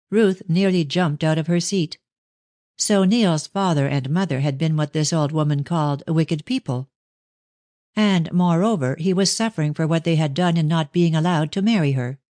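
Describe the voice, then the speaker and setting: Low-voiced woman reading a mystery. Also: moderate pace, dark tone, no echo. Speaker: audiobook narrator. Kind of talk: scripted narration of a classic mystery novel.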